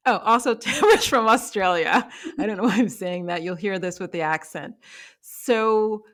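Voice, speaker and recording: A woman's voice: medium pitch, moderate pace, a bit bright. A woman hosting a podcast, chatting casually with many fillers and frequent laughs. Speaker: podcast host. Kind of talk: casual interview chat.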